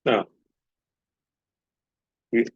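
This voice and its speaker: A man lecturing on a course topic in an explanatory way, often checking in with a quick "okay?". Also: dry recording, lo-fi sound. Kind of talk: recorded lecture.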